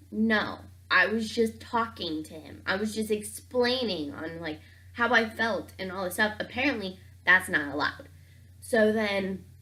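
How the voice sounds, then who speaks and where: Young woman vlogger, casual and animated, packs every line with "like", mid-range voice. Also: medium pitch. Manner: animated, says "like" constantly, acts out both sides of the talk. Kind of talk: casual storytime vlog.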